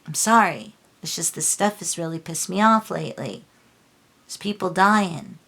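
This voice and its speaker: Woman, tarot reader, lowish voice, impassioned and scolding monologue. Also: expressive, normal speed, vocal fry, sharp tone, slightly rough. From Los Angeles. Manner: impassioned, scolding, lots of filler and restarts.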